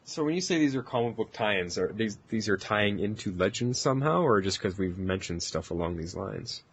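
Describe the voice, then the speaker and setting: A man co-hosting a podcast in easygoing casual chat, asking questions and chiming in with quick agreements. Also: lowish voice, animated, slight background noise. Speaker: podcast co-host.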